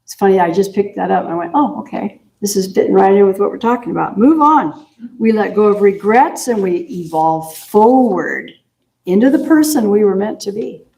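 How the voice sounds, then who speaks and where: A woman's voice: medium pitch, a little fast, vocal fry, dark tone, reverberant, rough recording. A woman minister giving a folksy, chatty sermon full of affirmations. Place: church sanctuary.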